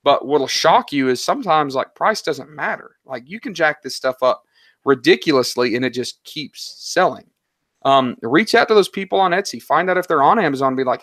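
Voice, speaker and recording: A man talking casually as an interview guest, animated and slangy, telling stories about his business. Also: medium pitch, fairly quick, dry recording, clean studio sound. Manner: animated, story-driven, slangy. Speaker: guest, online seller.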